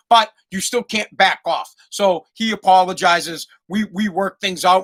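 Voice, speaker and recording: A man's voice: high voice, bright, forceful tone. A man hosting a podcast, telling a story in a blunt, heavily profane, casual monologue. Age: adult parent. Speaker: podcast host.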